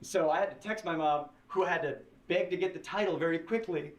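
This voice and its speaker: A man tells a story in an interview in a chatty, halting way and gets animated as it builds. His voice is slightly high. The recording is roomy and distant, as if he sits away from the mic. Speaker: guest in an interview, former writer. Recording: distant, roomy interview audio played on stream.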